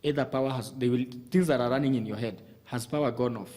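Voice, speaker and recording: A man's voice: medium pitch, quick pace, darkish tone. Male studio guest, methodical advice giver, breaks his talk into numbered points. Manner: methodical, lists points, frequent restarts. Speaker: communication coach guest.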